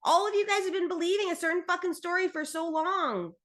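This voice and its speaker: A woman hosting a solo spiritual podcast, talking bluntly and passionately, swearing freely and slowing down to stress her points. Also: very high voice, fairly bright tone. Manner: intense, emphatic, slows to stress points. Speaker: podcast host.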